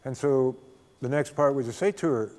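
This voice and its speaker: An older man giving a spiritual talk as a guest speaker, a folksy, unhurried storyteller who often chuckles. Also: mid-range voice, darkish tone. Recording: long reverb of a hall.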